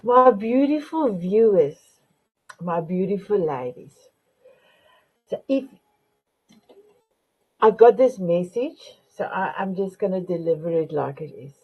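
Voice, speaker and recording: A woman's voice: mid-range voice, animated, slow, long pauses, breathy edge. A woman hosting a motivational talk show, who keeps calling her viewers her beautiful ones. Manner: warm, affectionate address, repeats "my beautiful ones". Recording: dull lo-fi sound.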